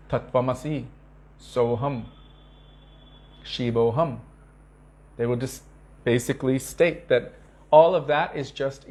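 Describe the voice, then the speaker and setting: A man giving an earnest devotional talk to disciples, telling stories with emphatic repetition and acting out quoted speech. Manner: acts out quoted speech with sharp pitch shifts. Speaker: spiritual teacher.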